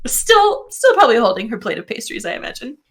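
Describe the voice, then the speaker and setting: A woman's voice: a little high, huge pitch swings, fast talker. A woman player in a tabletop game, chatty and laughing often as she describes her character. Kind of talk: casual tabletop play.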